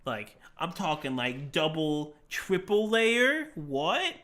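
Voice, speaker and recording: A man's voice: a little high, animated, slow, a bit bright. A young man chatting casually on a live stream, joking and self-deprecating as he talks to his cats and to viewers.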